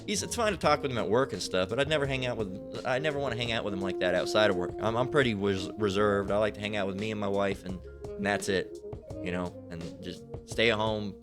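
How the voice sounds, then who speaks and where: A man's voice: lowish voice, fast, music in the background. A man giving a rambling, profane casual preaching rant about scripture, often repeating himself and swearing. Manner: rambling, repetitive, swears a lot. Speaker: religious commentator.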